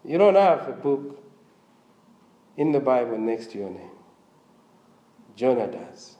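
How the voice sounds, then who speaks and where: A man's voice: mid-range voice, sing-song, slow, dark tone, echoey room. A man preaching a sermon, with a slightly strained voice, asking the congregation questions as he goes. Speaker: pastor.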